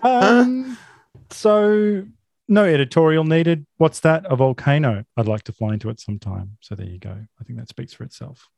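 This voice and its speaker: Deadpan sarcastic man, dry sound. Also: a little high, moderate pace, creaky, dry recording. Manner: deadpan sarcasm, mock outrage. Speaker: podcast co-host. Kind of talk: sarcastic film-recap commentary.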